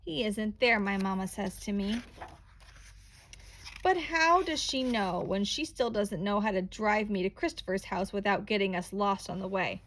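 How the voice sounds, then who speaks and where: A woman reading a children's picture book aloud in a slow, expressive, playful storytelling manner. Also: medium pitch.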